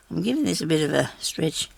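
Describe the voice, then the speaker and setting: Older woman, craft host, heavy gravel and husky tone, rambling self-talk while she works at home. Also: low voice, no echo. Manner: rambling, talks to herself while working. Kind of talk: casual crafting chat.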